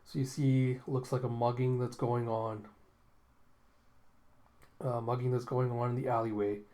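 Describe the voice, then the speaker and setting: A man's voice: mid-range voice, little pitch movement, measured pace, dark tone. A man hosting a casual manga readthrough, rambling with lots of fillers and chuckles. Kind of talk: casual reading commentary.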